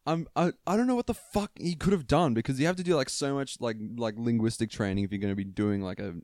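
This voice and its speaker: A man's voice: medium pitch, darkish tone, no echo, clean studio sound. Rambling, laughing podcast co-host, a man. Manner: rambling, swearing, quick to laugh. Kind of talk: casual comedy podcast chat.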